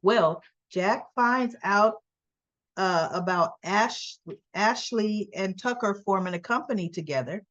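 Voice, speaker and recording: Woman host, unhurried chatty soap recap, slightly muffled lo-fi sound. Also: medium pitch, a bit bright. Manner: chatty, acts out characters' lines in quick voices. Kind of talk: casual spoken recap.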